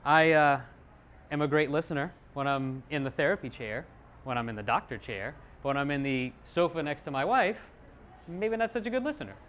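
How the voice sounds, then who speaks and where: A middle-aged man speaks to a live audience in a slightly high voice, lively and self-mocking. He acts out quoted lines as he goes. A faint hiss sits under the recording. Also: a little fast. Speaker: psychologist giving a talk.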